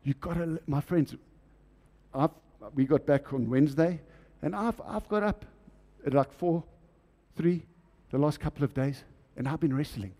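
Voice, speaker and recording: A man's voice: fairly high pitch, normal speed, dark tone. A man preaching a sermon in a church, often asking the congregation questions.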